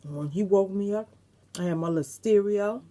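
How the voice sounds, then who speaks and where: A woman's voice: medium pitch, moderate pace, noisy background. A middle-aged woman vlogger, chatting casually and reminiscing to her viewers, with some salty language. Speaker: mukbang vlogger.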